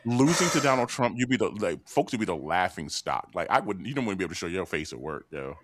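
A man's voice: low-pitched, very animated, fast talker, noisy background. A man in casual podcast chat, joking, swearing freely and talking in slang.

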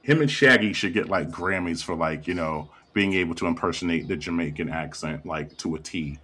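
A man in his thirties telling stories in a casual chat with friends, animated and quick to laugh and swear. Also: sits low, a little hiss or hum. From Haitian family. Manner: animated storytelling, laughs often, swears freely.

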